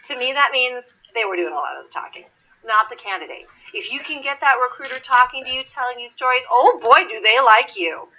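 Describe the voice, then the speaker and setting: Woman, recruiter, interview tips, high-ish voice, very expressive, lo-fi sound. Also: fairly quick. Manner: animated, acts out quoted people. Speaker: recruiter giving interview advice. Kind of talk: lively talk to an audience. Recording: dull lo-fi recording.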